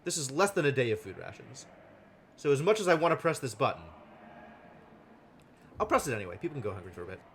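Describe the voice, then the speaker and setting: A man streaming a strategy game live, thinking aloud with wry deadpan asides. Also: medium pitch, quick pace, pauses often, a little hiss or hum. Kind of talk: live gameplay commentary.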